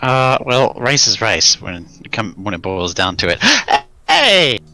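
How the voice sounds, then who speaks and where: A deep-voiced young man in his late teens, streaming and chatting casually while drawing, animated and jumping to a high squeak when excited. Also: normal speed. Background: chill music.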